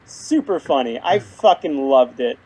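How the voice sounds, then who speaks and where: A podcast co-host in casual chat about a cartoon episode, jokey and excitable, swearing casually. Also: mid-range voice, a little slow, breathy edge.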